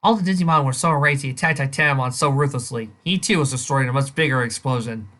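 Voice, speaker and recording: A woman's voice: rumbling low, fast, fairly bright tone. A woman reading fan fiction aloud and ranting at it with sarcastic, incredulous commentary. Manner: incredulous, sarcastic, breaks into laughter. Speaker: fanfiction reader and reviewer.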